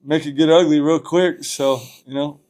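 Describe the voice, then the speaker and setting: Man, podcast guest, slightly high voice, casual profane storytelling, says bro a lot. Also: steady tone, normal speed, a little mellow.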